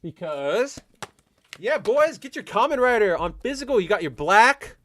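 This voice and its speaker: A man hosting a casual gaming livestream, reading viewer comments aloud and rambling excitedly with lots of stammered restarts and freely dropped swears. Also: sits high, normal speed, a little hiss or hum. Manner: excitable, fan-like. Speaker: podcast host.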